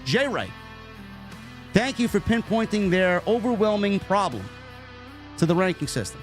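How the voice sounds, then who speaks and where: A man's voice: high-pitched, moderate pace, long pauses, soft background music. A man hosting a casual wrestling review show, reading super chats and ranting bluntly with plenty of swearing. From New York. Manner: blunt, profane, animated rants.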